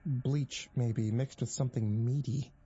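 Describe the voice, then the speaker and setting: A man narrating a first-person horror story in a tense, measured way. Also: mid-range voice, steady tone, dark tone, slightly rough, lo-fi sound.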